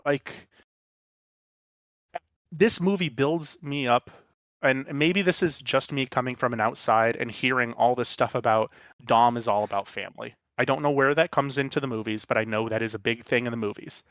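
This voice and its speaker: A man's voice: medium pitch, normal speed, a bit bright, no room sound, clean studio sound. A man co-hosting a casual movie podcast, complaining in a rambling, incredulous way. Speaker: podcast co-host.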